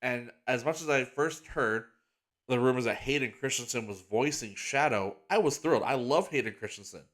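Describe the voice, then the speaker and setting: Hosting his own podcast alone, a man with a mid-range, fairly bright voice talks at normal speed in a casual, rambling, enthusiastic way. Fillers like "like" and frequent restarts pepper his speech as he becomes earnest and emotional about something close to his heart.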